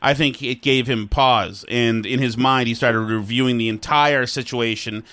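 A man hosting a casual chat, teasing his guest and reacting quickly. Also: medium pitch, steady tone, pushed and bright, no room sound. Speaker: host.

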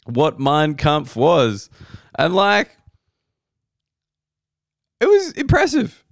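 A man's voice: medium pitch, very animated, a little slow, long pauses, no room sound, clean studio sound. An Australian man, a comedian, telling rambling comic stories on a podcast, wry and sweary with frequent restarts.

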